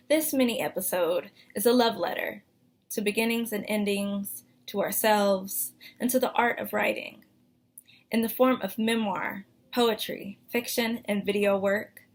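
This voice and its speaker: Woman host, mid-pitched, measured and scripted, home recording. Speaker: event host. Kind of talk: scripted introduction.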